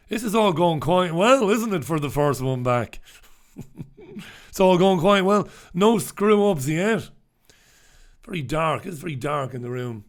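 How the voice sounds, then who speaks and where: A man's voice: fairly high pitch, animated, measured pace, long pauses. A man hosting a live newspaper review, talking casually with a sardonic, mock-dramatic edge. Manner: sardonic, mock-dramatic when reading headlines. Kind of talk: casual live-stream commentary. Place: dark room.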